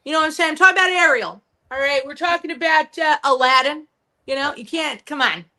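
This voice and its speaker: A woman's voice: sits high, brisk, sharp tone. A woman in her twenties, a guest on a live podcast, telling stories in casual chat, profane and bubbly, often mimicking other people's voices. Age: 20s. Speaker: guest actress and co-writer.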